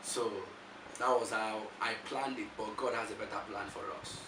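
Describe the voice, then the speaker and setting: A man's voice: on the low side, normal speed, recorded from a distance, background noise. Nigerian preacher man in an echoey room. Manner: animated storytelling, repeats words when restarting. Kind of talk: motivational testimony.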